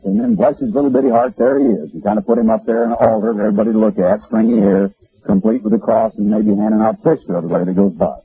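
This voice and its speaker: Gravelly man preaching on old radio. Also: lowish voice. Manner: animated, folksy and emphatic. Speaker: radio Bible broadcaster. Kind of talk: radio sermon. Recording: lo-fi radio broadcast.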